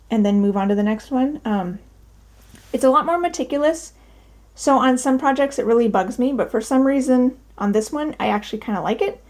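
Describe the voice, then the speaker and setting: Woman, fairly high voice, casual vlog chat, upbeat, lots of ums, at home. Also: warm tone. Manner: chatty, upbeat, with many ums. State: out of breath. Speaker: cross-stitch vlogger. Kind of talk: casual show-and-tell vlog. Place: home, daughter's bedroom.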